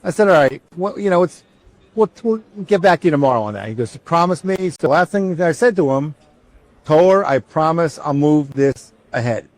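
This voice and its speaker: A company founder tells his personal story casually, in a voice a little higher than most men's and at a normal speed. Animated, he acts out both sides of a conversation and restarts his sentences often. The recording is dry and close, with no room sound.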